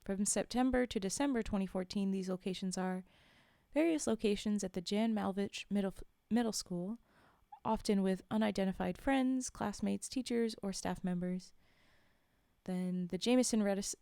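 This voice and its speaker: A woman's voice: mid-range voice, warm tone, dry recording. A woman reading horror stories aloud on a live stream, with casual asides between passages, recorded on a close microphone. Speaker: streamer and storyteller.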